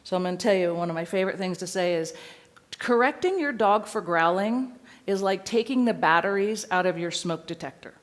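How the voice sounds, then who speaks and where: A woman dog trainer teaching a seminar audience in a lively, playful way, sometimes acting out a dog's voice. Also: medium pitch, fairly quick.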